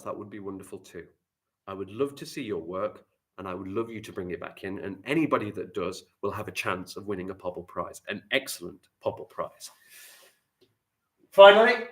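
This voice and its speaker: A man teaching a live online writing lesson to children, animated and encouraging, with big swings in loudness. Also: mid-range voice.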